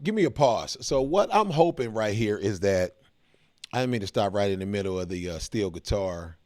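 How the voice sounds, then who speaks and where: A man's voice: fairly low pitch, animated, moderate pace, darkish tone, soft background music. A middle-aged American man hosting a reaction video, talking to his viewers in a laid-back, chatty way. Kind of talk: casual reaction commentary.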